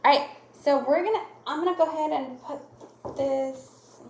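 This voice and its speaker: A woman teacher giving a lesson to young children, speaking slowly and exaggerating her voice changes to demonstrate punctuation. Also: sits high, a little mellow, a little hiss or hum. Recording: echoey room.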